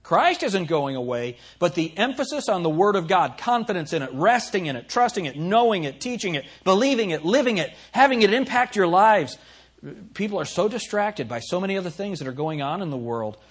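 A man delivers an earnest sermon in a husky, slightly high voice that swings widely in pitch. He preaches with emphasis, reading scripture forcefully and dropping quiet for asides to the congregation. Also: big pitch swings, a little fast. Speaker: pastor.

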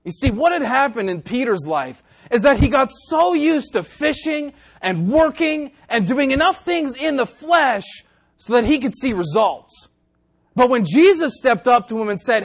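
High-voiced preacher delivering an emphatic sermon. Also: male voice, big pitch swings, a little slow. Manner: emphatic, swings from quiet asides to loud exhortation; dry jokes to the congregation.

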